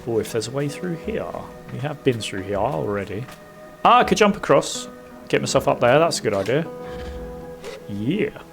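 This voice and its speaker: A man talks through his gameplay as a streamer, chatty and self-mocking, filling gaps with ums and little hums. His voice sits at an everyday middle pitch. Soft game music plays faintly underneath. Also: sing-song, moderate pace, vocal fry. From United Kingdom. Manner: chatty and self-mocking, frequent fillers and playful humming. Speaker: gaming streamer. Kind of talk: casual gameplay commentary.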